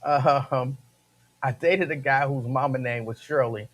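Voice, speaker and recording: A man's voice: mid-range voice, fairly even intonation, a little slow, fairly bright tone. A man hosting a radio show, talking casually and emphatically, repeating his phrases and laughing between points. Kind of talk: casual talk-radio monologue.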